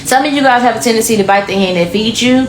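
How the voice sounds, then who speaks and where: A woman's voice: a little high, fast talker, background noise. A woman giving a casual pick-a-card tarot reading in a chatty, blunt, slangy way. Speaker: tarot reader. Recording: echoey room with faint music.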